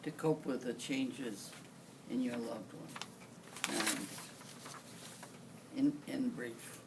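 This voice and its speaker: A man's voice: medium pitch, drawn-out words. A man moderating a discussion panel, asking questions briefly. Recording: distant mic with clear room noise.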